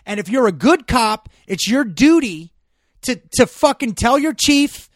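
A man with a fairly high voice talks in a casual, blunt way, swearing freely and restarting his sentences often. His voice is recorded dry and close, with little room sound. At times he heats up into emphatic ranting. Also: expressive, a little slow, dry recording. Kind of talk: casual chat.

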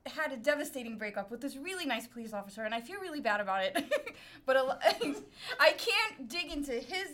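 A middle-aged woman from Brooklyn tells a story as a podcast guest in easy, chatty talk. Her voice sits a bit high and rings bright and sharp. She laughs through much of it and keeps poking fun at herself. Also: a little fast. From Brooklyn, New York. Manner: laughs often, animated and self-mocking. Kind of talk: casual storytelling.

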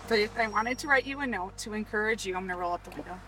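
A woman's voice: medium pitch, quick pace, sharp tone, a little hiss or hum. A woman, a church staff member, reading a heartfelt personal letter aloud from inside a parked van. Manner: heartfelt, tender.

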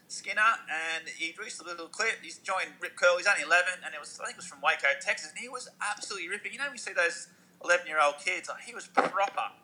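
A man on a podcast talks in a relaxed, unhurried way, stopping for ums as he goes. His tone is very bright and his voice sits a little high. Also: poor audio. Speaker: podcast co-host. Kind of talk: casual chat.

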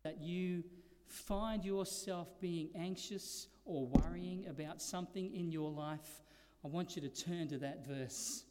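High-pitched pastor preaching, big swings from loud to soft, long reverb like a big hall. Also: male voice, a little hiss or hum. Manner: preaching with slow emphatic stresses and dynamic swings. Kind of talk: sermon.

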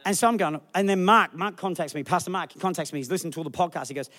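A man preaching a lively sermon in a church, acting out people with funny voices. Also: high voice, rapid-fire, few pauses. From Australia. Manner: animated, acts out people in the crowd with funny voices. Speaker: pastor.

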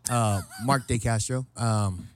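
A man in his late thirties hosting a podcast, telling stories in a loose, animated way, swearing, laughing and acting out what people said. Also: medium pitch, slow pace, clear, resonant tone. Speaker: podcast host. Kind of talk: casual storytelling chat. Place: southern California.

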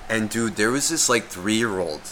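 A man's voice: on the low side, a little slow, slight background noise. A man in his thirties telling a story in casual podcast chat, swearing often and acting out other people's lines. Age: 30s. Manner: animated, profane, acts out quoted voices. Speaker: podcast co-host.

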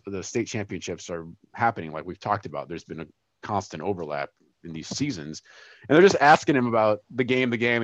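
Very deep-voiced man, somber and halting. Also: dry recording, lo-fi sound. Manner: halting, many restarts and fillers, somber. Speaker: podcast co-host. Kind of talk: casual chat.

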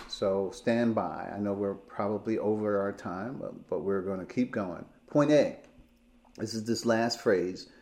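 A man preaching a sermon, teaching through Bible verses point by point with slow emphasis. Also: lowish voice, darkish tone.

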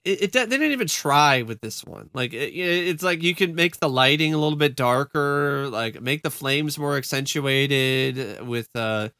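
A man's voice: medium pitch, animated, unhurried, few pauses, sharp tone, clean tone, no echo, studio quality. A man co-hosting a podcast, chatting casually and animatedly, often laughing and restarting his words. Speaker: podcast co-host. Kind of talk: casual chat.

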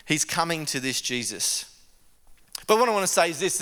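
A man's voice: on the high side, lively intonation, moderate pace, sharp tone, long reverb tail. A male pastor preaching a conversational sermon in an earnest way, often stumbling and repeating words. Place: church service.

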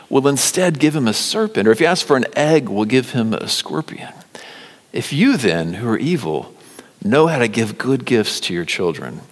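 A man preaching a sermon as pastor, swinging between loud emphatic lines and near-whispered appeals. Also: lowish voice, big-room sound.

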